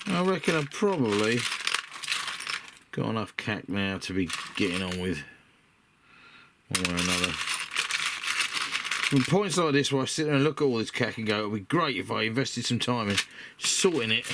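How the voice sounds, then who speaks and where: Chatty British man rummaging in his workshop. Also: lowish voice. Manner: rambling, chatty and self-deprecating. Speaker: miniature model builder. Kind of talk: casual hobby vlog. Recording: noisy workshop recording with clicks.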